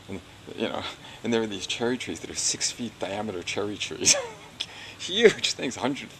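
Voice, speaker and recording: A man's voice: medium pitch, vocal fry, background noise. An older man recounting his past in an oral history interview, rambling and chuckling, with many "you know"s.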